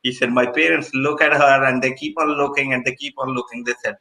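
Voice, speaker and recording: A man in casual conversation, telling anecdotes with animated retellings. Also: mid-range voice, fairly quick, hardly any pauses, poor audio. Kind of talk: casual chat.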